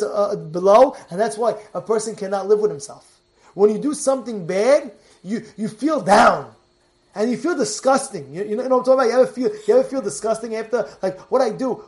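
A male rabbi preaches a sermon with a very high-pitched voice. He is animated and repeats himself for emphasis, and now and then his voice swells into a shout. The delivery feels like an informal talk to a congregation. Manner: animated, repetitive, bursts into shouting.

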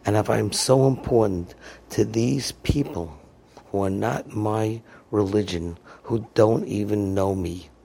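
A man voicing a humbled young yeshiva student who speaks slowly and earnestly. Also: fairly low pitch, creaky, a little hiss or hum. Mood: moved. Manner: slow, soft, earnest.

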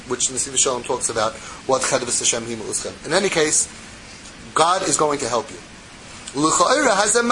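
Male teacher, high voice, reads text aloud then explains it casually to students. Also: background noise. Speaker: Torah class teacher. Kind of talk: text study class, reading and translating.

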